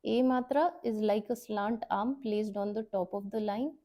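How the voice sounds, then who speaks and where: A woman teaching a Hindi lesson, explaining step by step and repeating each sound slowly so the learner can follow. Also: medium pitch, dark tone. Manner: patient, repeats sounds to model pronunciation. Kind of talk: slow step-by-step language lesson.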